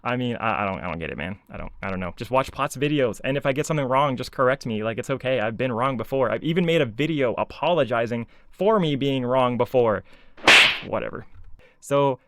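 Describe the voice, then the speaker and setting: A man's voice: mid-range voice, expressive, fast, hardly any pauses, dry recording. A man ranting casually as a video commentator, sarcastic and exasperated, full of filler words. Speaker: YouTube commentator.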